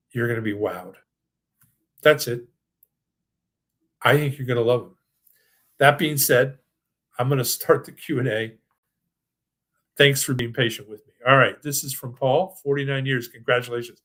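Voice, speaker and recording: An older man hosting a financial webinar, giving an enthusiastic sales pitch full of restarts and then answering audience questions. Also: a bit bright. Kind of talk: presentation and live Q&A.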